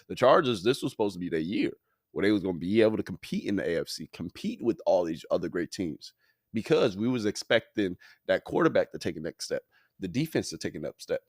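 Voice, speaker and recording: A man's voice: on the low side, no room sound, studio quality. Tired, slangy man hosting a sports podcast. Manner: slangy, profane, loose and rambling. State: tired, yawning. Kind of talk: casual sports talk.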